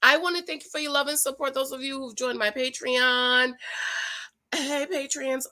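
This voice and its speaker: A high-pitched woman hosts her own dating-advice commentary, sassy and preachy as she calls her viewers "girl." Her voice has a bright, forward ring. She talks in a loose, casual way, as if to a friend.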